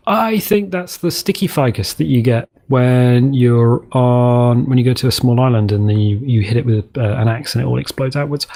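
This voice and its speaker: A rambling, chatty man from the United Kingdom talks through a survival game as its let's play host. He wanders off topic, doubles back on his own words and restarts his sentences as he plays, in a relaxed gameplay-commentary style. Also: medium pitch, moderate pace, few pauses.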